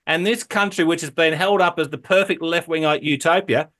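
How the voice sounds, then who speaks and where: A man with a slightly high voice talks as a politician guest on a radio show. His delivery is emphatic and full of restarts. He keeps tossing in "okay?" to press his points. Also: a little fast, a bit bright. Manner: emphatic, repeats words, checks in with "okay?". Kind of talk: phone-in radio interview.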